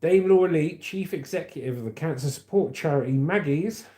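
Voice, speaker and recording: A man's voice: a little high, fairly quick, dark tone. Chatty man on a livestream. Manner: rambling, chatty, reads viewer comments aloud. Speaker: livestream host. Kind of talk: casual livestream chat.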